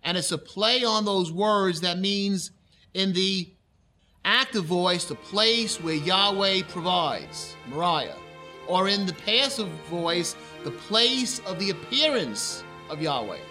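Man preaching, high voice, bright tone, reads verses then explains words. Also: expressive, faint music behind. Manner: reads scripture slowly, then explains the Hebrew. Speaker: pastor. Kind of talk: expository Bible sermon.

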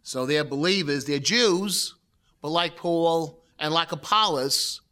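A man's voice: on the high side, slow, sharp tone. A man teaching a lecture on Bible history, explaining in a conversational way, repeating points and reading scripture aloud.

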